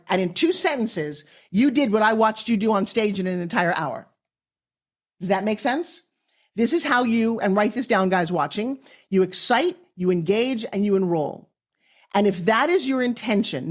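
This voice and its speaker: A woman guesting on a podcast as a pitch coach, giving advice in an emphatic, salesy way with punchy phrasing. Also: animated, normal speed. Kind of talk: energetic podcast interview advice.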